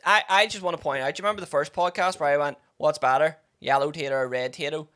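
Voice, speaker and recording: Woman podcast co-host, young, swears freely, lower pitch. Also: fast talker. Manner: sweary, animated storytelling. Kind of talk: casual chat.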